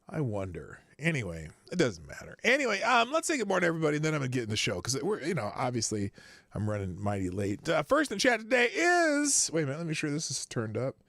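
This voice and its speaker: Gravelly middle-aged man hosting a livestream. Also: a little high, a bit bright, dry recording, studio quality. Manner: rambling and loose, swears offhandedly. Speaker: livestream show host. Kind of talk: casual livestream chat. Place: small home streaming studio.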